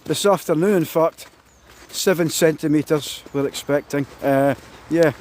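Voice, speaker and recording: A man's voice: a little high, measured pace, a little mellow. A Scottish man chatting casually on a phone live-stream while he drives and then walks out in the snow, greeting his viewers again and again. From Scotland. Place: in a car, then outdoors in snow. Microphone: mobile phone. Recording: phone mic with road and car noise.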